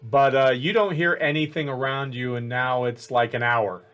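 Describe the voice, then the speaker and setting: A man narrating as game master of a tabletop game, in a halting way with many fillers. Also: medium pitch, fairly bright tone, smooth, dull audio.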